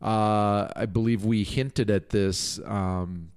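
A man's voice: lowish voice, fairly even intonation, slow pace, darkish tone, clean tone. A man co-hosting a casual podcast, chatty and rambling, laughing often and swearing casually. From Minnesota, United States. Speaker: podcast co-host. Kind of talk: casual chat.

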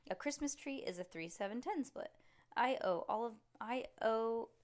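Mom reading as an eager little girl, proud of her lucky streak, a bit higher. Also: lively intonation, moderate pace, lightly acted. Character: proud cheerful young girl bowler. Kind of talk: reading a picture book aloud.

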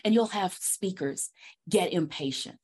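A woman's voice: lowish voice, measured pace, darkish tone. A woman hosting a podcast interview about public speaking, upbeat and emphatic, laughing often. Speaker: podcast host. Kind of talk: conversational interview.

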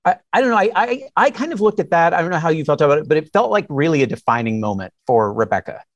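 A moderator putting questions in a roundtable interview, quick and hesitant with fillers. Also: mid-range voice, sing-song, no echo, highs cut off.

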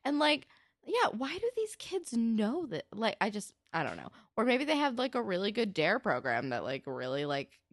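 A young woman co-hosts a casual podcast, animatedly recapping a TV episode and acting out the characters' lines. Her voice sits on the high side and moves at a normal speed. The studio sound is clean, with no room sound.

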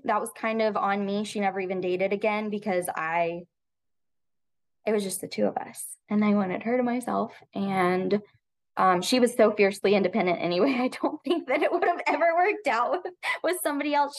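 A woman in her thirties, a teacher and podcast guest, telling a personal story in an earnest, heartfelt way with frequent pauses and ums. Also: medium pitch. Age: 30s.

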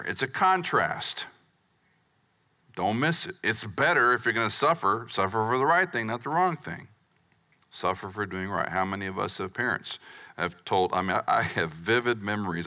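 Animated middle-aged male pastor preaching. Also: on the low side, normal speed. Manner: animated, rising to near-shouts for emphasis, dropping to whispers. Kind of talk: sermon.

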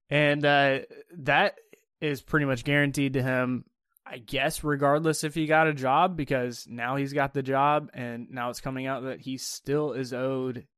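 A man's voice: mid-range voice, a bit bright, clean tone, dry recording. A young man hosting a casual sports talk show, laid-back and often laughing, with a dry close sound. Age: young adult. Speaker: podcast host.

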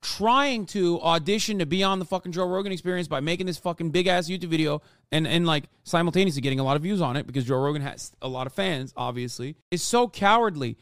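A man in his thirties streaming, reacting to a video with an angry, profane rant that bursts into shouts. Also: fairly high pitch, fast, clean tone, no echo, studio quality. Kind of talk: ranting reaction commentary.

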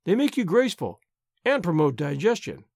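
A man voicing a chatty, dreamy, excitable orphan girl in a storybook reading, speaking in a gushing, romantic way. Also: high-pitched, normal speed, gravelly, no room sound, studio quality, heavily acted. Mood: eager.

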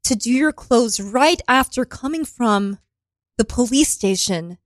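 A woman playing an encouraging drama class co-teacher who talks in a slow, soothing, coaxing way. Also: a little high, animated, no echo, clean studio sound.

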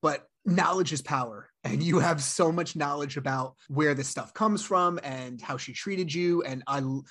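A man's voice: on the high side, normal speed, hardly any pauses, fairly bright tone. A man hosting a podcast interview, casual and affirming toward his guest. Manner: supportive, affirming, says "man" and "dude". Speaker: podcast host.

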